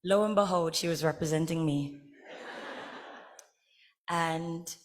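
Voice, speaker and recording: A woman's voice: sits low, slow pace. A woman from Guyana with a Guyanese accent, giving an earnest, heartfelt acceptance speech at a ceremony and telling her story with emphasis. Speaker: honorary degree recipient giving an acceptance speech.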